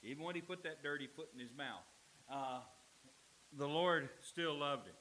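Male pastor, emphatic sermon delivery with dramatic pauses, slightly high voice, light hiss. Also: animated, bright, forceful tone, poor audio. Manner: emphatic preaching, dramatic pauses, acts out quoted lines.

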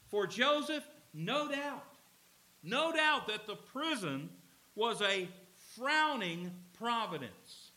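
A man preaching from the pulpit, his voice high, bright and ringing. He speaks slowly and deliberately, with big swings in pitch, and acts out the scenes he describes. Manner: expressive, emphatic, dramatizes scenes. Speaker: pastor. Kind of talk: sermon. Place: church with a slide screen.

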